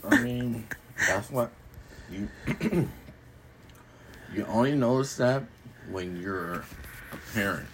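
A man chatting casually on a podcast, laid-back, with short replies and quick bursts. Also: lowish voice, expressive, a little hiss or hum, rough recording. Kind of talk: casual chat.

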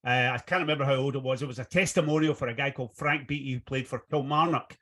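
A man's voice: medium pitch, fast, fairly bright tone. A middle-aged man, a golf journalist guest on a podcast, telling long rambling anecdotes in casual chat and laughing often. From Scotland.

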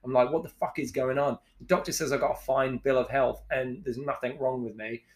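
Forties guy being real candid on a podcast, swears a lot, middling pitch, acts out what people said. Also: fairly even intonation, brisk. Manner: frank and emotional, swears freely, acts out past dialogue. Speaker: podcast guest, executive chef. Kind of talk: candid conversational storytelling.

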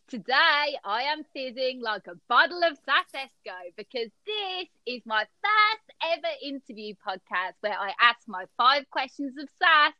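A woman's voice: sits high, bright, forceful tone, no echo, muffled recording. A middle-aged woman hosting a podcast in a bubbly, giggly, casual chat. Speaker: podcast host.

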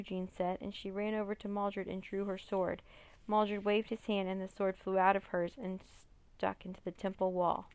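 A woman reading a children's chapter book aloud in an expressive storytelling manner. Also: medium pitch, normal speed, creaky, clear, resonant tone, no echo. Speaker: reader.

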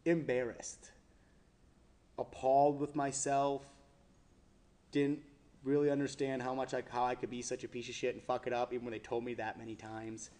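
A man's voice: medium pitch, moderate pace, long pauses. Profane storytelling young man. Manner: profane, animated, acts out the people he quotes. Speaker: guest telling a personal story. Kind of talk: casual interview storytelling.

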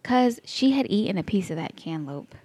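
A woman's voice: mid-range voice, brisk, slightly rough, dry recording. Laughing Texan woman telling a story. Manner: animated, laughs often, acts out her own thoughts. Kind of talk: casual storytelling.

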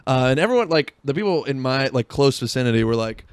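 A man's voice: medium pitch, racing, a little hiss or hum. A young man hosting a podcast, telling a rambling, profane story in a casual monologue full of fillers, talking while driving. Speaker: podcast host.

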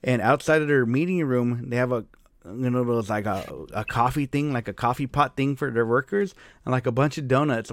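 A man's voice: medium pitch, a bit bright. Rambling, profane man telling a story. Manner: rambling storyteller, swears freely, frequent restarts. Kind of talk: casual chat.

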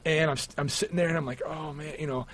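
Animated higher-voiced man telling stories. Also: racing, dry recording. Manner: animated, rambling with repeated restarts. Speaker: guest, sportswriter. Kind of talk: casual storytelling interview.

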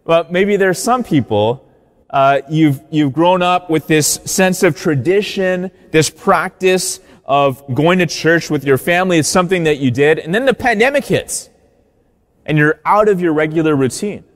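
A man's voice: on the high side, unhurried, long reverb tail. A man, a Catholic priest, giving a sermon in a conversational storytelling way.

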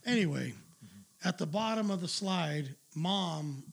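Telling his story on a talk show, a middle-aged man speaks in a high-pitched, animated voice with vocal fry, never hurrying. The anecdote is long and meandering, full of swearing, and he laughs at it himself in the casual conversation.

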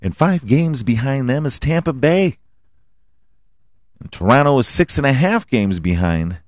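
A man hosting a sports podcast, running through the standings with crude jokes, sudden loud outbursts, sing-song bits and laughter at his own gags. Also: mid-range voice, lively intonation, unhurried, no echo, studio quality. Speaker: podcast host. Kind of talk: profane comedic sports rundown.

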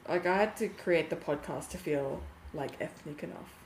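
Frank woman podcaster, lowish voice. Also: normal speed, a little mellow. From Australia. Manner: candid, laughing, swears casually. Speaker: podcast co-host. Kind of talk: casual chat. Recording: echoey room, faint noise.

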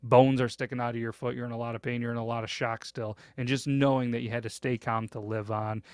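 A man's voice: medium pitch, little pitch movement, quick pace, a little mellow, smooth, no echo, clean studio sound. Hesitant, rambling male podcast storyteller. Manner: rambling, full of hesitations and "you know" fillers. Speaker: podcast host. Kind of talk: casual storytelling.

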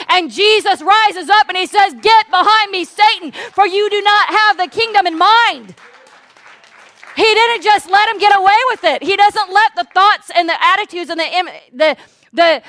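High-voiced woman pastor preaching. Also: no room sound. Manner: animated preaching that swings from hushed asides to loud declarations; speaks in tongues at full volume. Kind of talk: sermon.

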